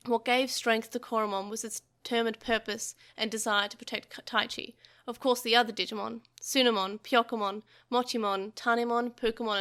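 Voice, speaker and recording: Woman reading a novel aloud, bright. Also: medium pitch, clean tone. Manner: expressive, with small slips. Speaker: podcast host reading a novel.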